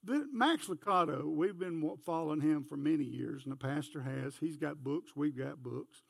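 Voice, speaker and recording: A man's voice: fairly high pitch, moderate pace, gravelly, no room sound, studio quality. An older man, preaching a folksy sermon full of homespun stories. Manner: folksy storytelling, barks like a dog.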